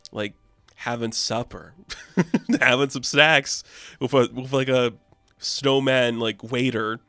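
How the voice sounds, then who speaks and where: A man runs through a comic story in a loose, offhand way, tossing in fillers and shrugging off plot holes. His pitch sits in a middle range for a man. The sound is dry and close, with no room echo. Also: fairly even intonation, slow pace, pushed and bright. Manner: offhand, chatty, many fillers. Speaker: comic book reviewer. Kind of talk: casual comic recap.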